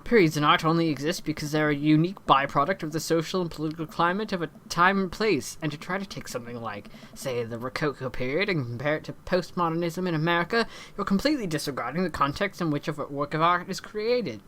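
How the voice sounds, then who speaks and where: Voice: mid-range voice, lively intonation, fast, few pauses, a bit bright, slight background noise, natural voice. A host reading as a pompous young art snob. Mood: lecturing. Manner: lecturing, long-winded.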